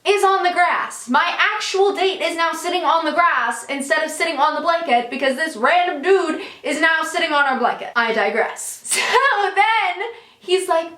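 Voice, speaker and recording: A young woman telling a story in a casual, animated way, with lots of fillers. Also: extremely high pitch, moderate pace, roomy sound.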